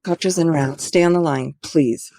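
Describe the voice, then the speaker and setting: A woman's voice: low voice, moderate pace, no echo. A woman reading the part of an emergency dispatcher asking questions on the phone. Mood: calm. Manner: steady, questioning.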